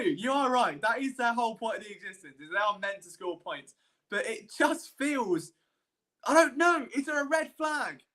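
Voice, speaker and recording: A man hosting a live-streamed sports podcast, talking in a rambling, animated, self-deprecating way as he works through his analysis. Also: very high-pitched.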